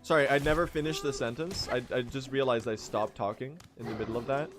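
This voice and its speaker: A man streaming a speedrun, chatting casually with his viewers in an excitable, joking way and laughing often. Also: mid-range voice, quick pace, over music.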